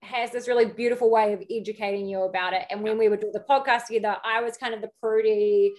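A woman's voice: medium pitch, steady tone, fast talker, darkish tone. A woman in her thirties, a guest on a video-call interview, chatting casually and rambling through stories with frequent giggles. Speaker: guest, podcast co-host.

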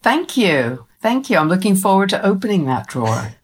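A woman who is a children's author, chatting as a guest in an interview, animated and quick to laugh. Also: medium pitch, slightly rough. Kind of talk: casual interview chat.

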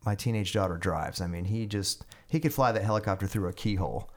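A man, a guest on an interview podcast, telling long animated stories with lots of fillers and restarts. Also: on the low side, quick pace, few pauses. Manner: rambling, animated storytelling with many fillers and restarts. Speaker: guest musician and army veteran. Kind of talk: casual storytelling interview.

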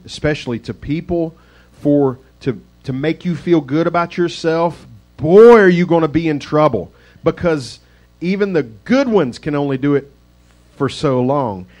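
A man's voice: mid-range voice, a little mellow. A male pastor giving a casual, conversational sermon with rambling, self-deprecating asides.

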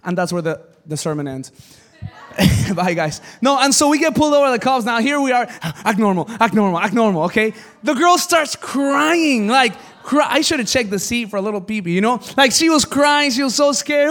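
A male pastor preaching a sermon, telling a personal story with jokes, loud exclamations and hushed asides to his congregation. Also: very high voice, normal speed. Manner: animated, jokey storyteller who swings from loud exclamations to quiet asides. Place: church service before a congregation.

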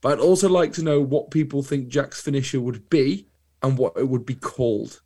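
A young adult man with an English accent, co-hosting a podcast in casual chat, telling animated anecdotes. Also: medium pitch, moderate pace, husky. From England. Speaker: podcast co-host.

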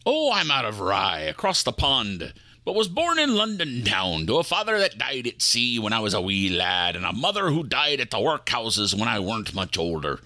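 A swaggering sea-dog captain bellows in old-time pirate talk, as a man puts him on. His voice is bright and forceful and leaps wildly in pitch. It sits close and dry on the mic, with no room sound at all. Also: very animated, moderate pace, gravelly, hardly any pauses, no room sound, full character voice. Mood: boastful. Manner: loud and blustering. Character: boisterous male pirate captain driving a rideshare.

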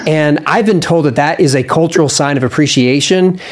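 A man's voice: a little high, brisk. A man who hosts a podcast and serves as a church pastor, speaking in a casual interview style with short, affirming replies.

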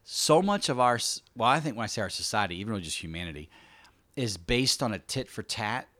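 A man co-hosting a casual faith discussion, telling stories with lively asides and acting out quoted speech. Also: fairly low pitch, a little fast, dry recording. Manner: animated storytelling, acts out quoted speech.

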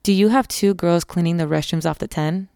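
A raspy, menacing man issuing threats, as a woman narrator puts him on. Low and gravelly, close and dry. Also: a little fast, a little mellow, dry recording. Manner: menacing, demanding.

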